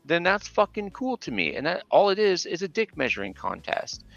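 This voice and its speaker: A man's voice: fairly high pitch, very animated, normal speed, gravelly, fairly bright tone, no echo. A man talking casually on a livestream podcast, rambling through fillers and restarts and dropping swear words freely. His voice comes through a slightly muffled, dry remote mic. Faint music plays behind him. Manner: loose, profane, lots of fillers and restarts. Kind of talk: casual chat. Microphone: remote call mic.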